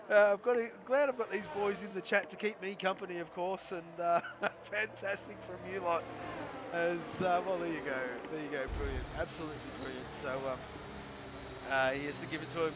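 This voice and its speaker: A young man giving chatty, excitable live commentary on an online racing league, laughing often and talking to viewers in chat. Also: sits high, noisy background. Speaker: esports race commentator.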